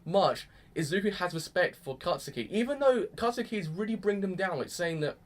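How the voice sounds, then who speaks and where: Fast-talking, excitable young man. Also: sits high. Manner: gushing, excitable, peppered with mild swearing. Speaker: anime reviewer. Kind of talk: casual reaction commentary.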